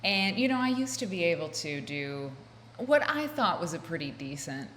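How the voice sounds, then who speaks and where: A woman's voice: fairly low pitch, very animated, normal speed, fairly bright tone, slight background noise. An American woman hosting a casual solo chat, rambling and interrupting herself as she talks from an office room. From United States. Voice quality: rambling, chatty, self-interrupting. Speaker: podcast host. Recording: roomy echo with faint ambience.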